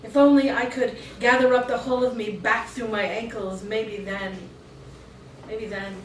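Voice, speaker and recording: A woman's voice: fairly high pitch, fairly even intonation, normal speed, a little hiss or hum. A woman reading her poetry aloud at a live cafe open mic, moving between intense, rhythmic performance and chatty asides. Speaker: featured poet. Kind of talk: spoken-word poetry reading. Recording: echoey room recorded from a distance.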